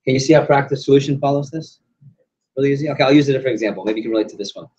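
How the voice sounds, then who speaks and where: A man's voice: medium pitch, rapid-fire, a little mellow, husky, highs cut off. A man running an interactive sales training session, quizzing the room and acting out examples. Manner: quizzes audience, acts out examples.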